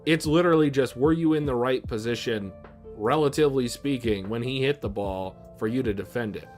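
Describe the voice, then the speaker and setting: Dude breaking down the episode step by step, some music under it. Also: male voice, medium pitch, fairly quick, darkish tone. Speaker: co-host of anime reaction channel. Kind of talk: casual chat.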